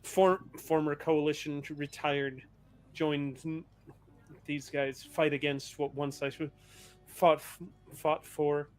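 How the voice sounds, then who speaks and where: A man voicing a retired male full-conversion cyborg soldier in a tabletop game, speaking in a canned robotic way with halting, clipped military phrasing. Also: a little high, steady tone, slight background noise. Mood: stiff.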